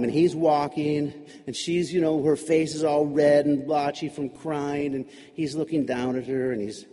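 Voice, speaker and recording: A man telling a personal story live, in a conversational and animated way. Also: on the high side. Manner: conversational, animated, many restarts. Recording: reverberant hall.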